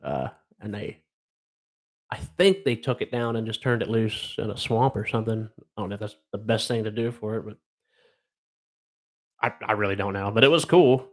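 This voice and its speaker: A man's voice: lowish voice, normal speed, pauses often. A middle-aged man from Ohio hosting a casual live stream, reading odd news stories aloud and rambling wryly with lots of fillers. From Ohio, USA.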